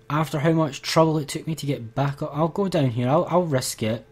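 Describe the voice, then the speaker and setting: A man's voice: on the high side, a little fast, hardly any pauses, darkish tone, slightly rough. A man commentating his gameplay, exasperated and ranting to his viewers. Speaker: let's play gamer.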